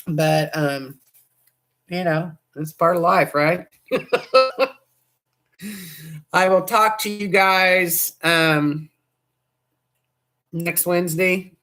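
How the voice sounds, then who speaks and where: A woman hosts a casual livestream, chatting to viewers in a loose, rambling way. Her voice sounds hoarse, and her sentences often trail off and restart. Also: lowish voice, steady tone, very slow, pauses often, fairly bright tone. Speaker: livestream host.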